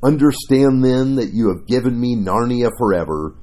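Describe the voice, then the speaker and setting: A man reading the lines of a cruel, gloating evil witch queen in a slow, low, taunting way. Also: animated, dark tone, natural voice.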